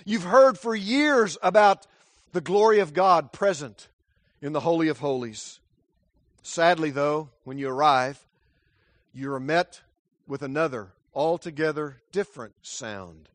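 Brief: a man delivering a sermon in a high, dry voice with dramatic swings from loud to hushed. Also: unhurried, no room sound. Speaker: preacher.

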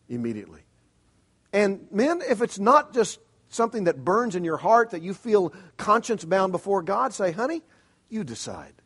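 Emphatic middle-aged male pastor preaching. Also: high-pitched. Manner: earnest, emphatic preaching with rhetorical questions. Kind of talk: sermon.

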